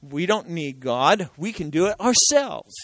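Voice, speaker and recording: A man preaching with a high, bright voice that jumps between shouted exclamations and hushed asides. He acts out the voices in his story and laughs along the way. The sound is dry and close. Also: measured pace, no echo, low-quality recording. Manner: animated, swings from loud exclaiming to hushed near-whispers. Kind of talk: sermon.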